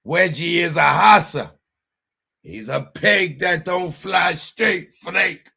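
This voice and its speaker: Man doing a mafia tough guy, Italian-American, conspiratorial, wheedling, gravelly, slow. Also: sits high, bright, forceful tone, voice pushed up, full character voice. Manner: conspiratorial, wheedling mob-boss talk.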